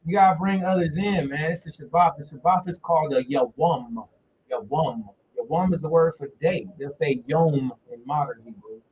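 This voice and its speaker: A man's voice: a little high, slight background noise. Chatty man teaching, distant muffled mic. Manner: loose and chatty, repeats words slowly. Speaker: livestream religious teacher. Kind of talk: casual religious teaching on a livestream. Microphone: phone directly in front of him.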